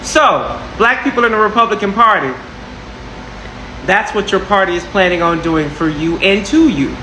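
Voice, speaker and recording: A man with a fairly high voice gives casual commentary, mocking and dismissive. He is recorded in an echoey room with an air conditioner humming behind him. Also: lively intonation, normal speed, sharp tone, a little hiss or hum.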